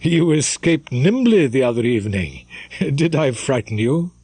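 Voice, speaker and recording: An actor playing a vain, swaggering young army captain with a boastful manner. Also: male voice, medium pitch, very animated, measured pace, a little mellow, husky, no room sound, voice pushed up, heavily acted. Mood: bantering.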